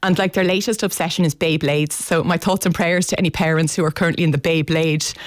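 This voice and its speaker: An Irish woman in her forties, a parenting writer, telling lively stories as a guest on a radio chat show. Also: low-pitched, fast talker, no echo, studio quality. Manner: animated, anecdotal, laughing storyteller.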